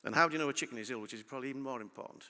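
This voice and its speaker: In a spacious hall with lingering reverb, a middle-aged man delivers a rapid, energetic conference talk at a medium pitch. His tone is bright and forceful, and he frequently quizzes the crowd.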